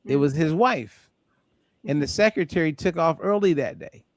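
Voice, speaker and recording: Animated storytelling man on a call. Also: a little high, moderate pace, dry recording, clean studio sound. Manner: animated, acts out voices in anecdotes. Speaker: host. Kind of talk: casual storytelling on a group call. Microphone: call audio.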